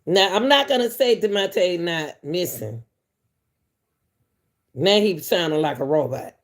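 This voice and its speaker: A woman hosts an online commentary show, speaking directly to her viewers in a chatty, casual way and chuckling between points. Her voice is lowish and animated, a touch slow.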